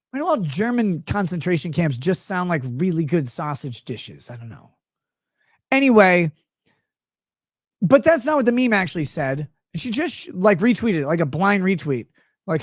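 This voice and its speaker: A man's voice: sits high, sing-song, normal speed, dry recording, studio quality. A man hosting a livestream, ranting in a rambling, sarcastic and profane way into a desk microphone. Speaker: show host. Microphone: streaming desk microphone.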